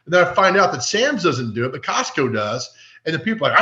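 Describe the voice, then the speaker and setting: Guy guesting on a podcast, acting out voices in his stories, bright punchy voice, echoey dull lo-fi sound. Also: fairly high pitch, fairly quick. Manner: animated, acts out quoted voices. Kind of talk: casual storytelling chat.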